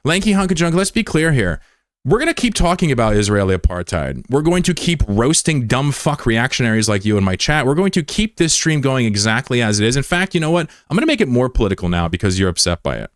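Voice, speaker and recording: A man's voice: medium pitch, big pitch swings, fast, no room sound, studio quality. A man from the United States, a livestreamer in casual chat, taunting and combative with a viewer and swearing freely.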